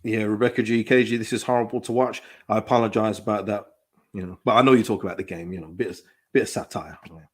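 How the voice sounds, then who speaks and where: A man's voice: on the low side, quick pace, husky. A man hosting a live football watchalong stream, chatting casually, reading out viewers' comments and laughing often. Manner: excitable, reads out chat comments, laughs often. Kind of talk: casual live reaction chat.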